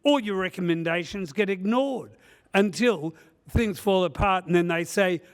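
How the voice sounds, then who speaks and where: A man's voice: high-pitched, normal speed, clear, resonant tone. A man giving a conference presentation, joking and rambling with many "uh" fillers. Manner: humorous, rambling storyteller with frequent "uh" fillers. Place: conference session room.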